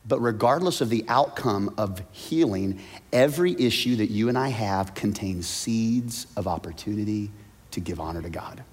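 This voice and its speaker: A man preaching a sermon as pastor, swinging between loud, urgent lines and soft, low ones. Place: church sanctuary. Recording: long hall reverb.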